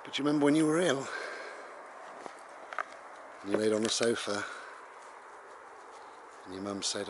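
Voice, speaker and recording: A man's voice: on the low side, expressive, moderate pace, long pauses. A man vlogging a rambling, conversational monologue, full of tag questions. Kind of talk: casual reflective monologue. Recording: noisy home recording.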